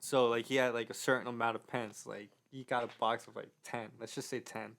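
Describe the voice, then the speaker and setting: A man's voice: mid-range voice, level tone, brisk, gravelly, fairly bright tone. A young man co-hosting a casual design podcast, talking in loose stories full of fillers and restarts. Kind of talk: casual chat.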